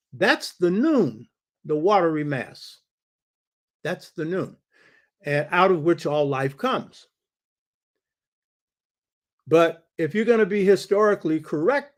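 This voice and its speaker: Emphatic older man hosting from his study. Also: fairly high pitch. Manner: emphatic, repeats key phrases for stress. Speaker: show host. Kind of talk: monologue lecture on a talk show. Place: home study.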